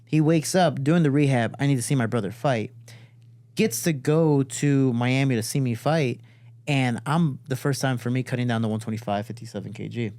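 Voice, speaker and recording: A man's voice: mid-range voice, moderate pace, a little mellow, no room sound. A man hosting a podcast, telling a story casually with plenty of swearing and acting out the voices of the people in it. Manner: profane, acts out quoted voices. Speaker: podcast host and fighter. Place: studio.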